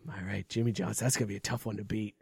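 A man hosting a casual sports podcast, telling stories in a joking, animated way with frequent laughs. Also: fairly low pitch, rapid-fire, vocal fry, crowd noise. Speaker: podcast host.

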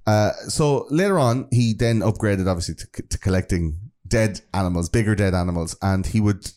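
Low, mellow Irish man chatting. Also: normal speed. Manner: loose, sweary, storytelling. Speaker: podcast co-host. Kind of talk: casual true-crime chat.

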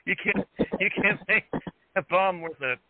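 A man hosting a casual chat, laughing often and reacting with excitement. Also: high-pitched, normal speed, no room sound. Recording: dry phone-like line.

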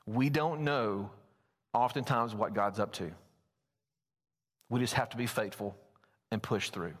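Male pastor, middle pitch, homespun storyteller, reverberant sanctuary sound. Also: moderate pace, pauses often. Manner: folksy, storytelling, animated at times. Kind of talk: sermon. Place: church sanctuary. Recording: long church reverb.

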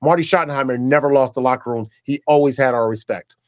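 In a casual interview, a man who went from pro football to broadcasting tells animated stories, acting out the dialogue he quotes and restarting often. His mid-range voice is fast, and the recording is dry with clean studio sound.

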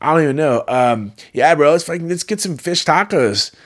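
Man doing a surfer dude, nasal, drawling, laid-back, raised pitch. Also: lively intonation, moderate pace, fairly bright tone. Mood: stoked. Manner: drawling slang-heavy, nasal.

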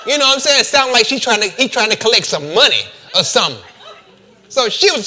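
Animated, bright-voiced preacher man. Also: high-pitched, moderate pace. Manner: animated, playful asides to the congregation. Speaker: pastor. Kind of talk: sermon with scripture reading.

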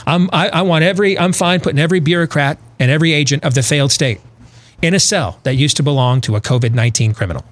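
A man's voice: on the high side, quick pace. A middle-aged man hosting a talk show, giving blunt, emphatic opinions and repeating phrases for emphasis. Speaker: host. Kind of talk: casual political talk radio banter.

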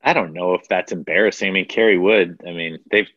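A man's voice: sits low, fairly quick. A man co-hosting a podcast, chatting easily and reading a listener's question aloud. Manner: agreeable, relaxed, reads questions aloud. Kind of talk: casual chat. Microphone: webcam. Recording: dry, slightly dull webcam audio.

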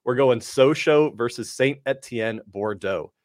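Male analyst, dry close sound, brisk confident stat-heavy delivery. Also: mid-range voice, no room sound. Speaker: soccer betting analyst. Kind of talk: sports betting analysis.

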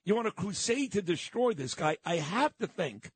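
A man's voice: high-pitched, very animated, normal speed, husky, no echo. A man hosting a talk show, teasing and blunt in casual chat. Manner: brash, teasing, blunt and profane. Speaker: radio talk show host.

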